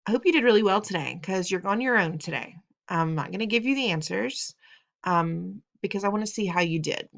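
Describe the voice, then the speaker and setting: A woman's voice: mid-range voice, expressive, brisk, creaky. A woman teacher walking students through reading test questions in a patient, instructive way, repeating steps and asking them questions. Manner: patient, instructive, playful teasing. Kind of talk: recorded test-prep lesson.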